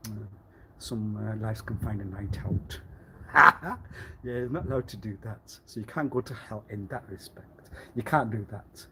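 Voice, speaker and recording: A man rambling alone on a livestream in a meandering way, repeating himself and often clearing his throat. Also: fairly low pitch, measured pace, pushed and bright, slight background noise. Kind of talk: rambling solo livestream monologue.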